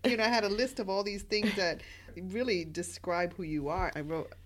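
A woman's voice: mid-range voice, moderate pace. A woman hosting an interview, affirming her guest and asking her questions. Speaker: host. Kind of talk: interview conversation.

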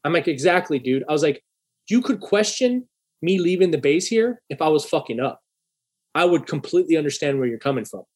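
Husky-voiced man telling a heated story. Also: fairly high pitch, brisk. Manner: profane, animated, acts out heated dialogue. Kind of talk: casual storytelling.

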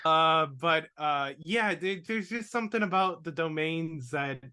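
A man with a bright, slightly higher voice chats loosely on a podcast. He hedges and circles with lots of ums, swearing offhandedly as he goes. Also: expressive, a little slow, smooth. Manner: rambling, many fillers, swears casually. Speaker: podcast host. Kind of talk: casual chat.

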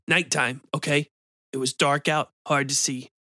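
A man's voice: mid-range voice, little pitch movement, measured pace, sharp tone, no room sound, studio quality. Man voicing nervous secretive bar patron, evasive, curt, storybook.

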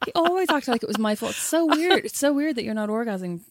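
Fast-talking Irish woman. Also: a little high, no room sound. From Ireland. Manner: animated storyteller, swears freely. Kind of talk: casual chat.

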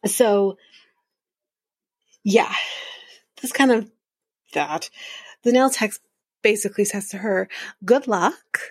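A woman's voice: medium pitch, slow pace, long pauses, no room sound. A woman hosting a podcast, recapping a reality show in a casual, profane and sarcastic way, often laughing. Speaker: podcast host.

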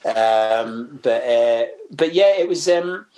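A man's voice: medium pitch, animated, takes it slowly, darkish tone. Scottish man, guest, casual rambling chat, hesitant, sweary. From Scotland. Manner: rambling, hesitant, many fillers and restarts; swears freely, self-mocking.

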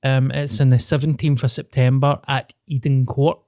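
A man's voice: mid-range voice, level tone, moderate pace, mellow, no echo. A man with a Scottish accent, a comedian guest on a podcast, chatting casually with dry jokes. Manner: dry, joking, plugs his gig.

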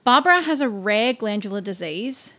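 A woman telling a story to a friend on a podcast in a mid-pitched voice, chatty and relaxed. She pads her sentences with "like" and "um" and trips over hard names as she goes. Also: moderate pace. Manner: chatty, filler-heavy with frequent "like" and "um"; stumbles over names and asides. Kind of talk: casual storytelling chat.

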